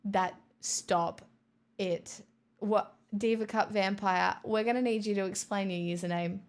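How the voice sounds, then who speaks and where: A woman's voice: mid-range voice, fairly even intonation, unhurried. A woman livestreamer chatting casually with her viewers and reading their comments, with playful, mock-boastful banter, frequent swearing and laughs.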